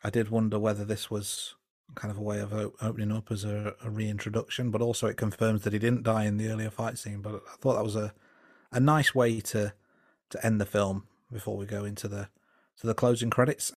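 A man co-hosting a casual film review podcast, relaxed and hesitant, with plenty of fillers and restarts. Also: on the low side, fairly quick, no echo, studio quality. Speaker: podcast co-host.

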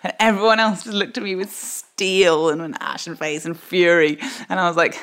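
Woman, 30s, low voice, podcast guest, animated storytelling, frequent laughter. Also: normal speed, hardly any pauses. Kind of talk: podcast interview.

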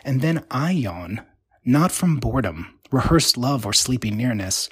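Husky man reading a wry story. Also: mid-range voice, expressive, unhurried, fairly bright tone, no room sound. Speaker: narrator.

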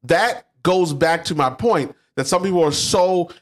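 Here a podcast co-host talks about sales in a casual business discussion, animated as he acts out quoted salespeople. His pitch is fairly high, his pace measured.

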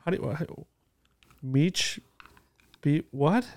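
Joking man with a lively voice. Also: a little high, slow pace. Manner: joking, self-deprecating, swears. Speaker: musician in a band. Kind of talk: casual chat.

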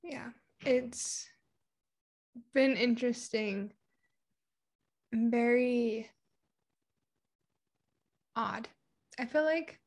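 A woman's voice: a little high, drawn-out words, long pauses, darkish tone. Chatty young woman from Puerto Rico. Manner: candid, chatty storytelling with acted-out quotes. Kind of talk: casual conversation.

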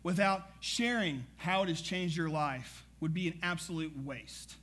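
A man preaching a sermon as pastor, energetic and conversational, with frequent asides to the congregation. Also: on the high side, unhurried.

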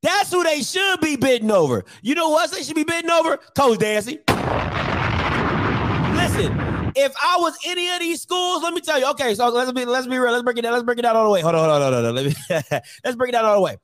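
A man hosting opinionated sports commentary, blunt, joking and repetitive in an animated way. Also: very high-pitched, fast, noisy background.

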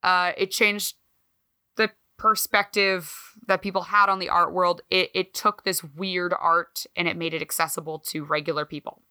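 A woman co-hosting a podcast in casual chat, talking in an animated, swearing, self-mocking way. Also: fairly low pitch. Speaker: podcast co-host.

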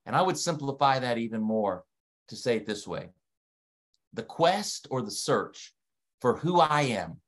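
A man in his forties with a Delaware accent, preaching an online sermon with emphatic repetition and frequent calls to the listeners. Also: mid-range voice. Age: 40s. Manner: emphatic, repeats key phrases, asks listeners to respond. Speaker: pastor. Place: streamed online service.

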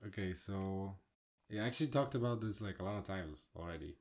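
A man's voice: low voice, brisk, darkish tone. Laid-back Polish man in his thirties. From Poland. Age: 30s. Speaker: podcast co-host. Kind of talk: casual chat.

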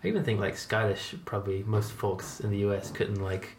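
A man's voice: lowish voice, fairly even intonation, brisk, echoey room, noisy background. A man from the United States hosting a casual interview, chatty and rambling, laughing often. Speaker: host.

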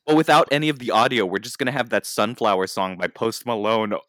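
A fairly low man with a bright edge, swinging his pitch freely as he rambles through a story. The sound is close and dry. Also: lively intonation, quick pace, no echo. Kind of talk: casual chat. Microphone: podcast microphone.

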